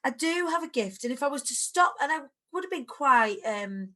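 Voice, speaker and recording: A woman in her thirties with a Lancashire accent, a podcast guest telling her story in animated conversation. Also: high voice, moderate pace. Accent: Lancashire English. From England. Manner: animated storytelling, rising sharply when excited. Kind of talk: conversational interview.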